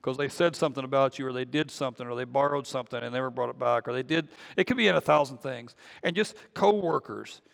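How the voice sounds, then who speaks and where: A man's voice: mid-range voice, quick pace, creaky, few pauses, fairly bright tone. A man preaching a conversational sermon as pastor, often repeating words as he goes. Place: church sanctuary. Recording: long reverb of a church hall.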